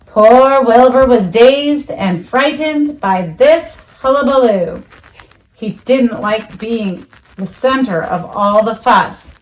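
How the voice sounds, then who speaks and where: A woman reading a children's storybook aloud, expressive, jumping high for the animal voices. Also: slow pace, poor audio. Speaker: children's book reader.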